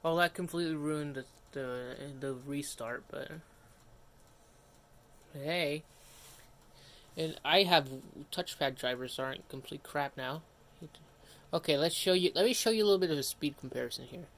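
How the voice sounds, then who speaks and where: A man's voice: a little high, moderate pace, long pauses, a bit bright. A man streaming live and chatting casually as he works, rambling, breaking off mid-sentence and grumbling to himself. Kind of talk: casual livestream commentary.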